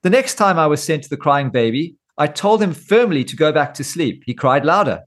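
A middle-aged man delivers a scripted monologue with a fairly high voice. He keeps a steady, explanatory tone laced with dry, self-mocking humor. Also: brisk. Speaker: host.

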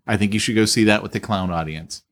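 A man's voice: lowish voice, quick pace, fairly bright tone. A man co-hosting a podcast in casual chat, playful and teasing. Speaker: podcast co-host.

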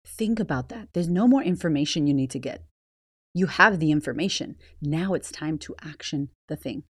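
A woman's voice: sits low, expressive, normal speed, husky, dry recording, clean studio sound. A woman hosting a motivational podcast, blunt, swearing freely and firing rhetorical questions at the listener. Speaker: podcast host.

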